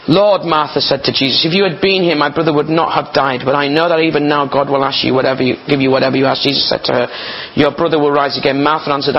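Chatty preacher, slightly dull sound. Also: male voice, fairly high pitch, breathy edge. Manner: chatty, digressing, laughs between readings. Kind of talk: informal sermon with Bible reading.

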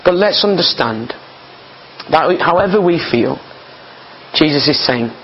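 Earnest preacher, muffled recording. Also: male voice, fairly high pitch, animated, unhurried, slight background noise. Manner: earnest, conversational, often repeating words. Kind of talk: informal sermon. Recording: slightly dull, muffled recording.

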